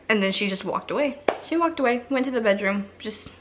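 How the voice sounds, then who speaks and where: A young female vlogger with a mid-range voice talks fast and animatedly, telling a personal story in a chatty way packed with "like" fillers and acted-out quotes. There's noise in the background.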